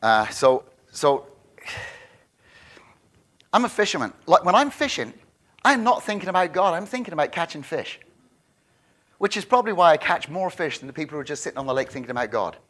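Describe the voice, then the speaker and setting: A man preaching a sermon as pastor, joking and animated, often repeating words as he restarts his thoughts. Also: fairly high pitch, a little fast, pauses often.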